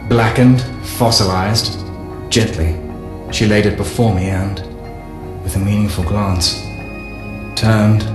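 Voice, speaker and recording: Slow, solemn low-voiced male narrator. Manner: measured, solemn and deliberate. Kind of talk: scripted first-person diary narration. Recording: echoey room with faint music.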